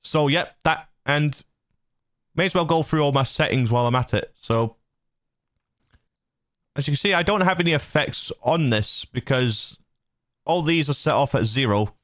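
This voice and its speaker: A man's voice: fairly high pitch, lively intonation, moderate pace, pauses often, fairly bright tone, dry recording. A man hosting his channel, explaining his recording setup in a loose, rambling way on a dynamic studio mic. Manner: loose and rambling, lots of fillers and restarts. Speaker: channel host. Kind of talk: casual tutorial walkthrough. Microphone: dynamic studio mic through a mixer.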